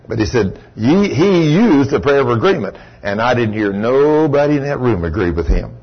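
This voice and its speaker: A man preaching a sermon in a folksy storytelling way, with sudden high exclamations. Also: lively intonation, brisk, hardly any pauses. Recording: dull lo-fi recording.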